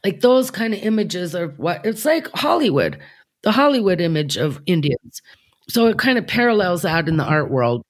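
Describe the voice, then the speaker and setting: A woman's voice: lowish voice, sing-song, moderate pace, no echo, clean studio sound. A woman in her fifties, an artist guest, talking thoughtfully in an interview and rambling with frequent fillers. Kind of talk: reflective interview talk.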